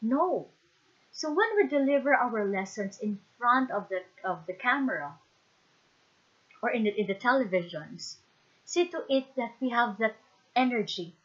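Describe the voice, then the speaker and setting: A woman's voice: fairly high pitch, fairly bright tone, lo-fi sound. A woman teacher with a Filipino accent, giving an instructional lecture and checking in often with the listeners. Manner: emphatic, repeats "okay?" to check understanding.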